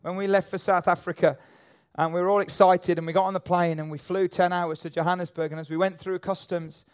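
A man's voice: high voice, clean tone. A man preaching a sermon in a church auditorium, emphatic and repetitive. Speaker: pastor.

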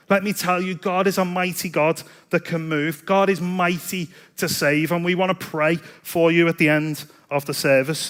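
A man's voice: high voice, a bit bright. A man preaching a sermon in a chatty, self-deprecating storytelling way. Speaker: pastor.

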